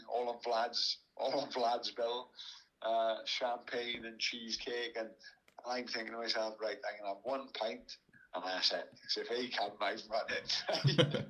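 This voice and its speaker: A former boxer from Wales, guesting on a podcast, tells a rambling anecdote casually, laughing often and restarting sentences. His voice is medium-pitched, bright, and forceful, and the recording is rough.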